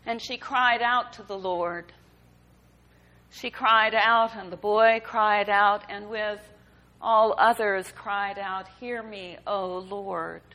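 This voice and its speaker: A woman preaching a sermon, reading scripture and reflecting on it in a measured, emphatic way. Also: mid-range voice, steady tone, muffled recording. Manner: slow, deliberate preaching with emphatic rises.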